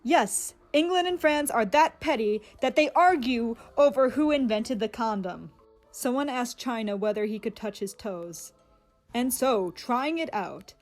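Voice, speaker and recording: A young woman giving excitable, sarcastic comedic commentary on a fan-favorite comic series. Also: a little high, a little slow. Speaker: video creator. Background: faint background music.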